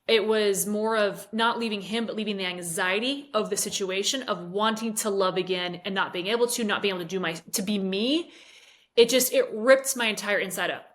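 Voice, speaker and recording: A woman's voice: medium pitch, fairly quick, a bit bright. Candid, emotional woman interview guest. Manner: candid, emotional storytelling with hesitations. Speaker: fitness coach guest. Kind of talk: interview conversation.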